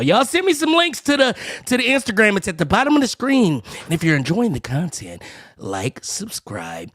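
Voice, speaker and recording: A man hosts a live-stream reaction, ranting and joking at the top of his voice. His voice is high and bright, and his pitch leaps all over the place as he shouts. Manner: loud joking rants, often shouting. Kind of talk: casual live-stream commentary.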